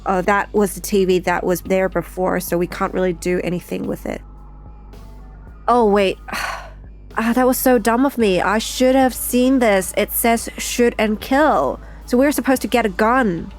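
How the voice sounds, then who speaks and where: A woman giving casual let's-play commentary, thinking aloud in an unhurried, chatty way. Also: medium pitch, faint music behind. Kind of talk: casual game playthrough commentary.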